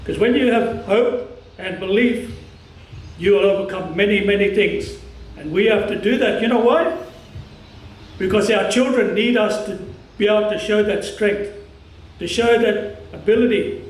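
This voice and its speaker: An Australian man from the Cairns region giving an impassioned public speech at a commemoration, talking strong and forceful in halting phrases. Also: sits high, reverberant, distant mic, poor audio. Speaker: community speaker at a commemoration.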